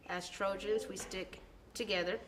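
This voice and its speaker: A young woman, a former band student, speaking an earnest, halting tribute message with frequent ums. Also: medium pitch, steady tone, background noise.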